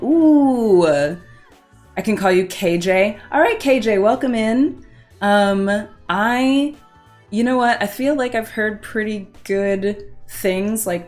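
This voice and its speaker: A woman streaming live, chatting casually with her viewers, reading their messages aloud and often breaking into laughter. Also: mid-range voice. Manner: playful, giggly, reads chat aloud. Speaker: Twitch streamer.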